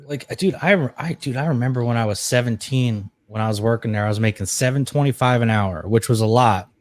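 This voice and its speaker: A man's voice: medium pitch, quick pace. A man in his forties co-hosting a podcast, telling stories in casual chat and acting out the people he quotes. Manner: animated storyteller, acts out quotes. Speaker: podcast co-host. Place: podcast studio.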